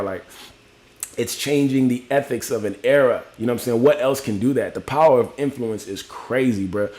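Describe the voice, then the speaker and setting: Young man, from Miami, livestream host, casual rambling chat, greets viewers by name, mid-range pitch. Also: darkish tone. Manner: loose, talkative, frequent "you know what I'm saying".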